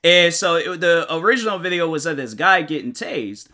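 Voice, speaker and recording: A young man hosts his own podcast and talks in a loose, rambling way. His voice is very bright and sits a bit high for a man. He leans on slang and keeps restarting his sentences. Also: expressive, moderate pace. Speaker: podcast host. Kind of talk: casual solo podcast recap.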